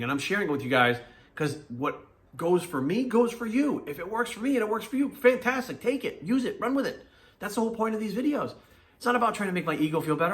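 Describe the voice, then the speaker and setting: A man's voice: fairly high pitch, fairly bright tone. A man, a fitness coach ranting bluntly to his viewers with lots of swearing. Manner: blunt, profane and preachy. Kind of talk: casual vlog rant.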